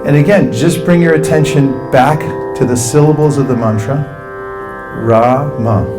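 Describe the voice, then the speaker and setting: A man giving a spiritual talk as a meditation teacher, calmly instructing listeners and leading them in mantra chanting. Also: fairly high pitch, fairly quick, loud music behind the voice. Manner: calm, instructive, leads the audience through chanting.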